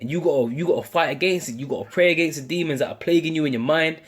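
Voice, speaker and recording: A British man from the United Kingdom delivers an informal, street-style sermon, using casual slang, restarting often and ending phrases with "man". His voice is on the high side and husky, and he races along.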